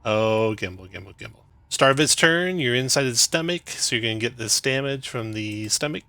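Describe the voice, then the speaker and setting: A young man runs a tabletop game as its dungeon master. His voice sits in the middle range but rings bright and forward. He calls hits and damage briskly, chuckling now and then. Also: medium pitch, lively intonation, no room sound. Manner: brisk rules-calling with chuckles.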